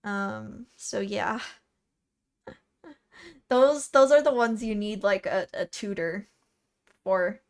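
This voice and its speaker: Chatty Californian woman streamer, slow pace. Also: mid-range voice, vocal fry. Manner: chatty, laughs often, restarts words. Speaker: VTuber streamer. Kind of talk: casual live-stream chat, reading comments.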